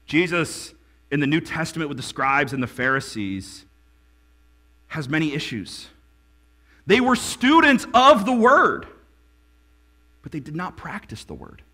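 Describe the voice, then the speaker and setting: A male pastor preaches with a high, lively voice that swoops widely across his range. His tone is bright and ringing. He builds to emphatic peaks, then drops to quiet lines, over a faint mains hum. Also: unhurried, pauses often. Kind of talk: sermon.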